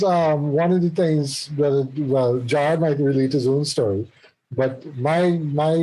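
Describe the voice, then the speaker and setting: Husky, mellow-voiced male podcast host. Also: fairly high pitch, rough recording. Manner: rambling, with restarts and tangents. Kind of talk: casual chat.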